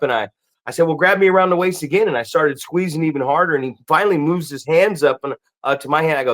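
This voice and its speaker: A man's voice: on the high side, quick pace, a bit bright. A man hosting a podcast who speaks bluntly in casual chat, trading stories and swearing freely. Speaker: podcast host.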